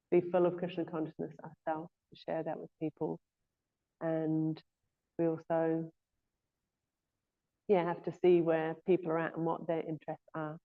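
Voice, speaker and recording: A woman giving an informal scripture class in a temple, speaking hesitantly with frequent "um" and "yeah" fillers. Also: low-pitched. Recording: thin phone-like lo-fi audio.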